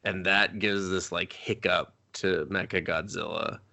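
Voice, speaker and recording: A man co-hosting a movie review podcast, talking in a rambling, excitable way with lots of swearing and acted-out quotes. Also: deep voice, measured pace, creaky. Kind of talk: casual profane movie chat.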